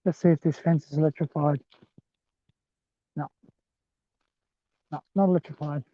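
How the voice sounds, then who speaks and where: A man's voice: a little high, steady tone, moderate pace, no room sound. A man walking a rural rail trail outdoors and chatting loosely to livestream viewers from a handheld phone. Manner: chatty, rambling, addresses viewers as guys. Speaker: livestreaming walker. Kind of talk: live walking vlog. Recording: thin phone-like sound, dry.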